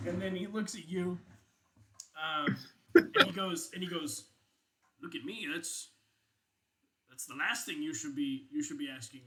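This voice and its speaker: A man's voice: high voice, sharp tone, slight background noise. A man narrating as game master of a tabletop game, chatty, with many fillers and laughs.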